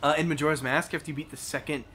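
A man's voice: fairly high pitch, steady tone, racing, fairly bright tone, a little hiss or hum. A young man casually commentating a video game as host, swearing often and laughing and yelping at what happens on screen. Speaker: let's play host.

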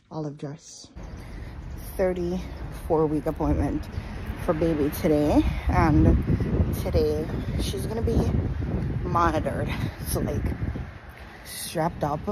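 Her voice sits low against background noise. She's a pregnant woman from Jamaica in her twenties, vlogging casually in a candid, chatty, unfiltered way while tired and out of breath.

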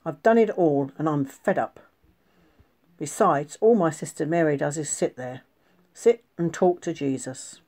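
A woman voicing Martha, a fed-up hardworking woman of the house who complains in a whiny, drawn-out way. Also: low voice, dark tone. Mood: grumbling.

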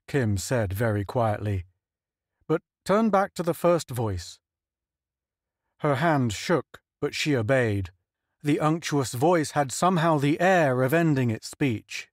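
A man narrating a science fiction audiobook in measured scripted storytelling. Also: medium pitch, expressive, no echo, clean studio sound.

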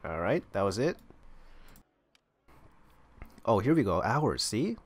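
A man's voice: on the low side, big pitch swings, slow pace. A man giving casual gameplay commentary, thinking aloud and rambling as he explores an online game. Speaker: gamer playing online roleplaying servers.

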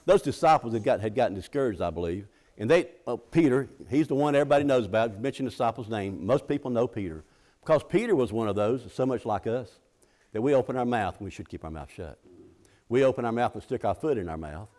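A man's voice: medium pitch, lively intonation, fast talker, darkish tone. A middle-aged man preaching a sermon in a folksy, conversational way, often restarting his sentences and acting out the scripture quotes.

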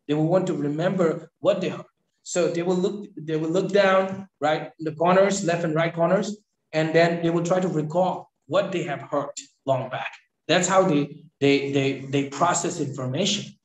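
A man from Northeast India giving a training lecture. He repeats key phrases and keeps checking in with "right?". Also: fairly high pitch. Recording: echoey room.

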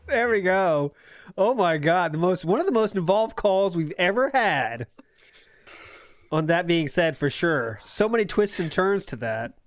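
A high, animated male voice hosts a comedy podcast. He banters, laughs and swears freely. The mic is close and dry. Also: a little slow, dry recording, faint music behind. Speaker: podcast host. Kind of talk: casual comedic podcast chat.

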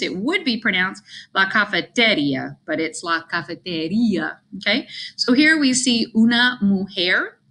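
A chatty woman teaches a recorded Spanish vocabulary lesson, slowing down to model words and tossing in self-deprecating asides. Her voice is bright and crisp, set at a middle pitch for a woman. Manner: switches between English and Spanish, spelling out words slowly.

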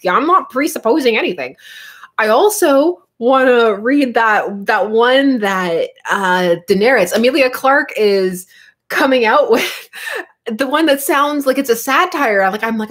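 A woman's voice: fairly high pitch, lively intonation, measured pace, a bit bright. A Canadian woman in her thirties hosts a casual livestream about comics. She talks in chatty, bubbly asides and laughs often as she goes.

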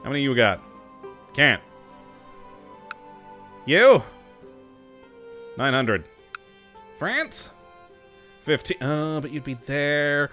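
Lively, frantic man playing a strategy game. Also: on the high side, a little slow, long pauses, soft background music. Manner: frantic, self-mocking, talks to his units. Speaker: game commentator. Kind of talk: let's play commentary.

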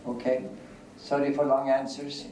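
An older man giving an academic lecture, speaking deliberately and repeating key phrases. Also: mid-range voice, monotone. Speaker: guest lecturer. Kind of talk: academic lecture answering questions. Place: lecture hall. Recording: echoey hall, distant mic, faint hiss.

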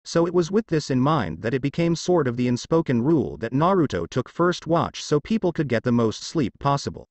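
Lively male story narrator, dry sound. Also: mid-range voice, brisk, hardly any pauses, no room sound. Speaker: fanfiction narrator. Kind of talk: storybook narration reading all parts.

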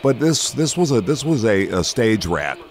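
A man's voice: mid-range voice, sing-song, moderate pace. An older American man hosting a casual podcast interview, chatty and rambling, laughing often as he talks. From United States. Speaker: radio host interviewing a comedian.

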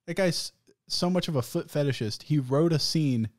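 A man's voice: on the high side, moderate pace, a little mellow, dry recording, clean studio sound. A young man co-hosting a podcast in casual chat, telling stories with frequent laughter and plenty of swearing. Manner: swears freely, laughs through his stories. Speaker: podcast co-host.

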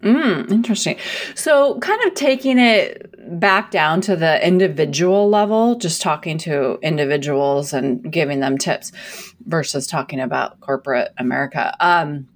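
A woman's voice: low-pitched, lively intonation, moderate pace. A woman interviewing a guest, attentive and affirming with frequent murmurs.

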